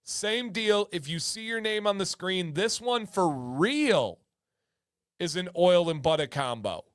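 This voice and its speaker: Playful high-voiced male stream host. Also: expressive, a little slow, no room sound, clean studio sound. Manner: playful, sing-song, hypes up viewers and reads chat. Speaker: livestream host. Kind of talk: hyped giveaway livestream chat.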